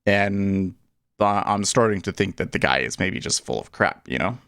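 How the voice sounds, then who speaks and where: A man hosts a day trading livestream, his voice low, gravelly, smooth, and a little bright, delivered with animation at a normal speed. The studio-quality audio has no room sound. He chats loosely, jokes, laughs easily, and thinks out loud as he works his screens.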